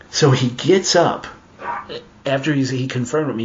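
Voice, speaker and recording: Animated man recounting a story. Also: mid-range voice, fairly quick, lo-fi sound. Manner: animated, acts out his own reactions in quotes. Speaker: podcast guest telling a personal story. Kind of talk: casual storytelling.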